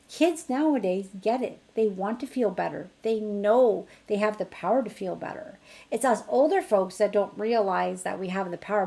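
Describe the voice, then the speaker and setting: A middle-aged woman teaching an energy healing technique in a chatty online class, her voice rising brightly when she acts out what she tells others. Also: fairly high pitch, vocal fry. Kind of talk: casual online teaching demonstration.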